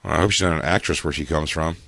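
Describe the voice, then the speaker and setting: A man's voice: steady tone, very fast, creaky, a bit bright, dry recording. A man co-hosting a live radio comedy show, joking crudely in casual banter. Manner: crude, joking, slips into silly high voices.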